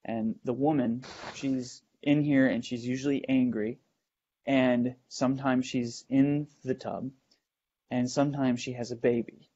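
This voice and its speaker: Man telling a spooky tale, halting. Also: mid-range voice, level tone, dark tone. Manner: hesitant, restarts and fillers, builds suspense. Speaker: host. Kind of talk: first-person storytelling of a ghost investigation. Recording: dull lo-fi recording.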